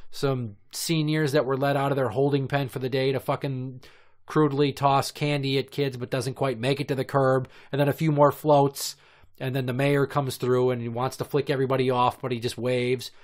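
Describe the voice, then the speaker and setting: Male podcast host in his thirties, mid-pitched, crude comic storyteller who rambles in long profane rants. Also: little pitch movement, normal speed, a little mellow.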